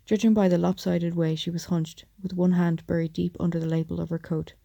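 Dark, gravelly-voiced woman narrating an audiobook. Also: on the low side, level tone, fairly quick, dull audio.

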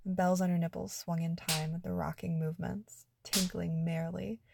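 A woman narrating an adult story in a soft, hushed, intimate reading. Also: on the low side, level tone, moderate pace, creaky, noisy background.

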